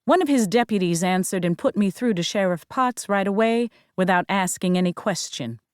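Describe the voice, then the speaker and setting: A woman reading a novel aloud as a first-person audiobook narrator, in a measured storytelling manner. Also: medium pitch, animated, no echo, studio quality.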